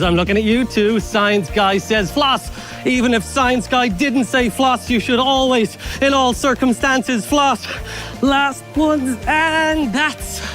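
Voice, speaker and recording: An Irish man presenting science to children, leading an energetic, playful warm-up with jokes and instructions. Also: very high-pitched. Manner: upbeat, playful, joking instructions.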